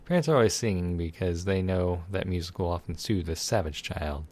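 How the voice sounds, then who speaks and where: Deep-voiced sarcastic man reading a game. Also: a little fast, darkish tone. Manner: sarcastic, irreverent, swears freely. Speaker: let's play gamer. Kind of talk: reading a text game aloud with commentary.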